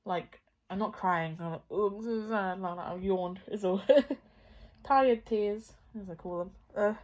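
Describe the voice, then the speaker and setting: A woman's voice: mid-range voice, fairly even intonation, slow. A young woman talks to her camera in a loose, rambling vlog. She is frank and swears freely. At moments her voice sinks to a near whisper. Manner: rambling and candid, often dropping to a near whisper; swears casually. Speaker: vlogger. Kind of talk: casual personal vlog.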